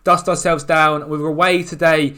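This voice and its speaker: Excitable gamer, slightly high voice, live match commentary with shouts and groans. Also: male voice, moderate pace. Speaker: gaming YouTuber. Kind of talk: football management game commentary.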